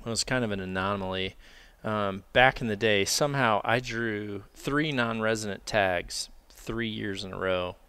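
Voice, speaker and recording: A man's voice: lowish voice, moderate pace, few pauses, clear, resonant tone, no echo. A man telling a bowhunting story in casual chat, acting out the dialogue and laughing as he goes. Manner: animated, acts out dialogue, laughs while telling. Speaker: podcast guest, bowhunter.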